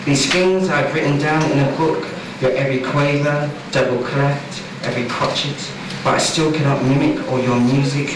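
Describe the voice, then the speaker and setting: A man's voice: medium pitch, steady tone. Man reciting poetry in an echoey club. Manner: measured, rhythmic recitation. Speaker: poet and host. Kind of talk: poetry reading. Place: small club. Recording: far-off echoey live room recording with background noise.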